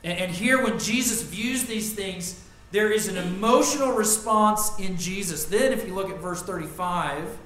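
A man preaching a sermon as pastor, earnest, rising to loud emphasis and dropping to quiet reflection. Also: a little high. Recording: echoey room with faint ambient noise.

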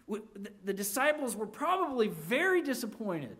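Dramatic preacher, loud then hushed. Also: moderate pace, hardly any pauses. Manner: expressive preaching that swings between loud emphasis and hushed low lines; emphatic repeated restarts. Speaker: pastor. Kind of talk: sermon.

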